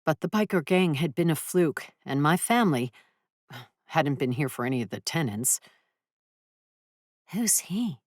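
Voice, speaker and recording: A woman reading a first-person audiobook in a measured, dry storytelling manner on a close mic. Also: sits low, a little mellow, no room sound. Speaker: audiobook narrator. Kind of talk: scripted first-person narration.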